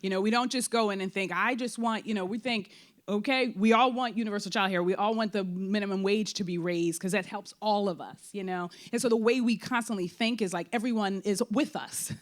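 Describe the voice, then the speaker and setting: A woman speaking candidly at a post-show talkback about her play, full of fillers and quick acted-out bits of her own thoughts. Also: mid-range voice. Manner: animated, frequent fillers, acts out quoted thoughts. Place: theater before an audience.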